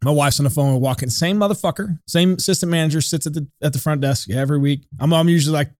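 Fast-talking profane man, dry studio sound. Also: a little high, dry recording. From St. Louis area. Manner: profane, heated, animated retelling. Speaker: podcast co-host. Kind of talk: casual storytelling chat.

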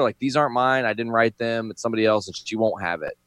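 A man with a mid-pitched voice in casual chat, swearing freely as he tells a story. He acts out the people in it, jumping high when he plays his panicked younger self. The sound is dry and close. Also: fast, fairly bright tone, smooth, dry recording.

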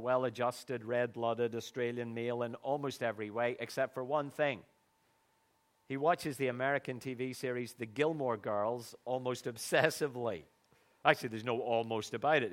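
A man's voice: medium pitch, fairly even intonation, normal speed. A middle-aged man preaching a sermon in an earnest, conversational way, with sudden emphatic bursts.

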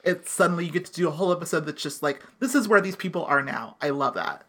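A woman's voice: low voice, expressive, fast talker. Chatty woman podcast co-host. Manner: rambling with many fillers. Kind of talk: casual chat.

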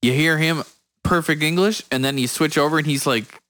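Podcast co-host: Canadian man, higher voice with lots of pitch movement, chatty, dry sound. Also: brisk, a bit bright, no echo. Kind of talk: casual chat among friends.

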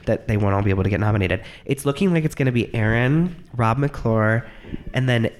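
A young man co-hosting a theater podcast, chatting casually and enthusiastically with quick asides. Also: mid-range voice, a little hiss or hum. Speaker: podcast co-host.

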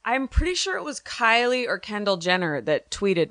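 A woman's voice: mid-range voice, sing-song, moderate pace, fairly bright tone. A woman co-hosting a comedy podcast, chatting playfully and laughing often. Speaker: podcast co-host. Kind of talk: casual comedic chat.

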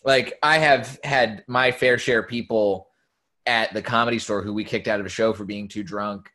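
A young man who worked at comedy clubs, telling stories in casual chat, animated and swearing freely. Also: fairly low pitch, moderate pace. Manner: animated storyteller, swears freely, quotes people in lively bursts. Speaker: former comedy club staffer.

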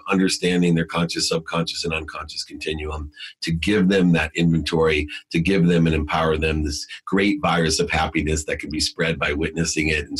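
A man's voice: sits low, husky. A middle-aged man telling a personal story in an emphatic, preachy way, then giving motivational advice as a podcast guest.

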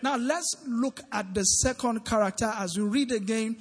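High-voiced preacher in a reverberant hall. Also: male voice, normal speed, husky. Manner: questioning the congregation, call-and-response. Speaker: preacher leading a midweek Bible study. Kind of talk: interactive sermon. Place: large church hall. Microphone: handheld microphone. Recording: long church-hall reverb.

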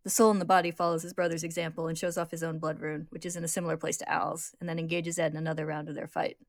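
Woman, casual story recap, rapid delivery, dry sound. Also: low-pitched, vocal fry, no echo. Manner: lively, brisk narration with acted voices.

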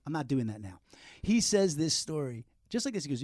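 A man's voice: a little high, big pitch swings, fairly quick, darkish tone, dry recording. A man hosting a casual interview, chummy and profane, jumping in with questions and his own stories. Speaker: podcast host.

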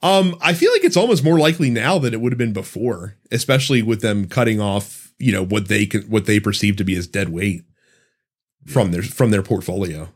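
A man's voice: on the low side, brisk, slightly rough. A man in his thirties co-hosting a casual podcast, reading listener questions aloud and swearing casually as he chats. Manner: animated, swears casually, laughs often. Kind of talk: casual chat.

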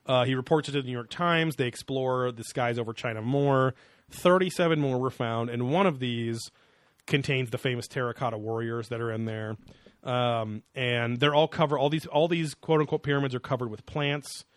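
Sarcastic podcast co-host, male, middle-pitched, dry close sound, loose and profane. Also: moderate pace, no room sound. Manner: sarcastic and profane, with many fillers. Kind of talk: casual chat reviewing a TV show.

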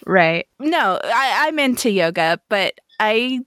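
Relaxed candid woman podcast co-host. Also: mid-range voice, slow, no room sound, studio quality. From New Mexico. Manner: relaxed and candid, with light laughs. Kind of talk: casual chat.

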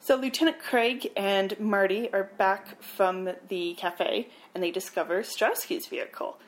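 A woman podcast co-host retelling a film plot in a casual, animated way, with wry asides. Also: medium pitch, measured pace. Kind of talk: casual movie recap.

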